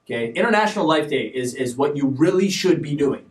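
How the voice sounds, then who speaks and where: A man hosting a live stream show, talking in an animated, preachy way with sudden loud bursts. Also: on the high side, fairly quick, reverberant, far from the mic. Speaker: show host. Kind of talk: energetic live-stream talk.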